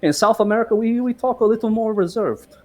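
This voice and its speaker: Joking higher-voiced man player. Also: fast, a little mellow. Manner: laughs easily, joking. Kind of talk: casual tabletop game chat.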